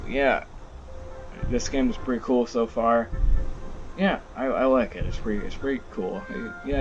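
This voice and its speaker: A man's voice: medium pitch, lo-fi sound. A man casually commenting on a video game while he plays it, rambling with restarts, game music behind. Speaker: gaming channel host. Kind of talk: let's play commentary.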